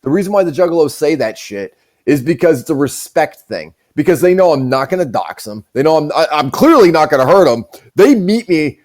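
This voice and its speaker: A man's voice: fairly high pitch, sing-song, a little fast, a little mellow. A man hosting a podcast, telling stories in a casual, profane, rambling way. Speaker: show host.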